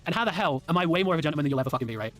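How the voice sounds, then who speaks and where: A man's voice: a little high, lively intonation, racing, a bit bright, soft background music. An English man delivering a heated, indignant commentary rant with lots of swearing. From England. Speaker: commentary guest. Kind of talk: ranting commentary.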